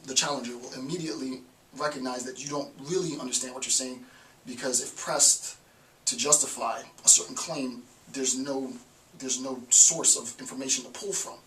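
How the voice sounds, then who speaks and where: A man's voice: medium pitch, normal speed, sharp tone. A man lecturing on philosophy in a conversational style, repeating phrases for emphasis. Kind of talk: informal recorded lecture. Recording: echoey room, mic at a distance, faint hiss.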